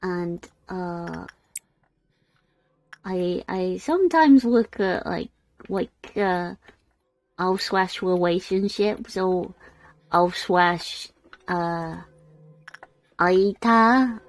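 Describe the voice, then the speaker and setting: A woman's voice: on the low side, drawn-out words, long pauses, rough recording. A British woman streaming a game live, chatting casually with frequent giggles and rambling restarts. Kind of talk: casual live-stream chat while gaming.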